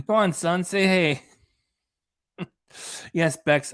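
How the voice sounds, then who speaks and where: A man's voice: high voice, animated, slow pace, pauses often, a bit bright, smooth, dry recording. Sarcastic man in dry commentary. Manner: sarcastic, rambling. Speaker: reaction channel host. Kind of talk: casual commentary.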